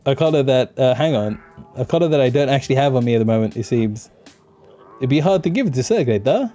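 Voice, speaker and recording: A man's voice: medium pitch, expressive, quick pace. A man streaming a detective video game, joking and laughing often while playing. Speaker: gaming streamer. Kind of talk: let's play commentary. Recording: soft music behind.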